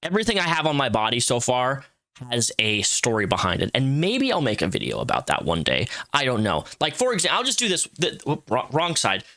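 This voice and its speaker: A man's voice: mid-range voice, wildly swooping pitch, a little fast, pushed and bright. A man in his thirties giving casual, rambling commentary with frequent restarts and fillers. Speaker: commentary youtuber.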